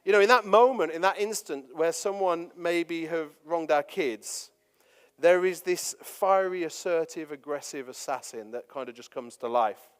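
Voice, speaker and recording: A man delivers a sermon, leaning on playful anecdotes and frequent fillers. His voice sits a little high for a man. The sound carries the long reverb of a large hall. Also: normal speed, clear, resonant tone. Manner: jokey, anecdotal, lots of fillers. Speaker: pastor. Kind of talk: sermon with personal stories.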